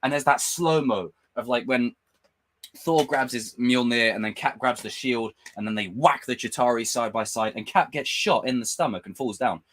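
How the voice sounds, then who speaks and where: A man's voice: medium pitch, normal speed, slight background noise. A young man hosting a live stream, chatting casually and ranting with lots of swearing. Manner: animated, swearing, ranting fan. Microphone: desk mic with camera.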